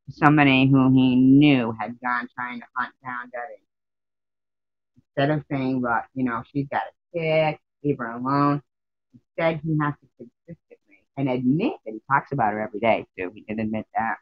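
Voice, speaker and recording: A woman's voice: rumbling low, normal speed, dry recording, dull audio. A woman chatting casually on a live stream, rambling and emotional as she greets her viewers by name.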